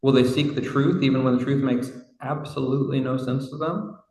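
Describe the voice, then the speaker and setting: Man, preacher, mid-pitched voice, reflective conversational sermon, long hall reverb. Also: steady tone, fairly quick, a little mellow. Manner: reflective, conversational, with casual asides. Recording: roomy hall from far off.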